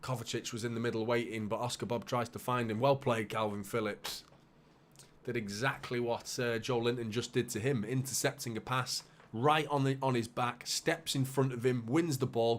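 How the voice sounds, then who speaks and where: A man hosting a live football watchalong, calling the play with bursts of excitement and muttered asides. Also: medium pitch. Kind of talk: live match commentary for a fan watchalong.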